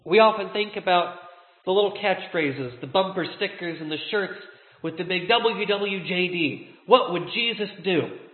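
High-voiced preacher in an echoey hall. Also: male voice, phone-quality sound. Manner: earnest, slowing down to stress key words. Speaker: pastor. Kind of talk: sermon.

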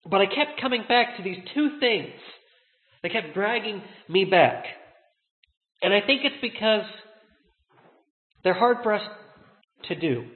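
A man preaching a sermon as a pastor, earnest, slowing down to stress key words. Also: high voice, expressive. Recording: tinny, echoey hall.

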